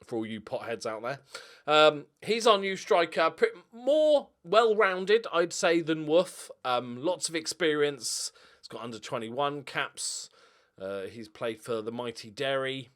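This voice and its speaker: Chatty man, lively pitch. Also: a little slow. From Northern Ireland. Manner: chatty, joking, swears freely, rambling asides. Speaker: gaming YouTuber. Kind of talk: casual gameplay commentary.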